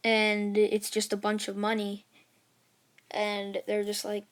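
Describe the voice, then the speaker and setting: A woman's voice: medium pitch, flat delivery, measured pace. A woman casually retelling a fan-made story, rambling with many fillers and restarts.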